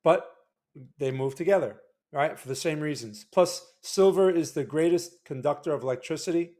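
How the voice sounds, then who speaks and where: Mellow and a little high, this New Jersey man speaks at a moderate pace while running a relaxed livestream of chart commentary. His market analysis is conversational and loose, full of restarts and frequent "right?" check-ins.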